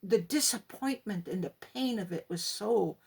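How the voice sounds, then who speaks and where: A woman gives an emphatic personal religious testimony and acts out the dialogue in her story. Her voice is gravelly and husky. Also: medium pitch, moderate pace, a little mellow. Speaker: guest giving testimony.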